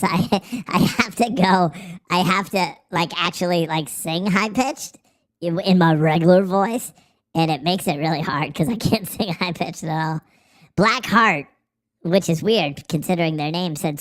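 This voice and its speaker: A man doing a brash, high-pitched cartoon turnip. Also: a bit bright. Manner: profane, mocking, boastful. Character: brash, cocky little male turnip. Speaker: live-stream host. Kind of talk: live-stream chat reading.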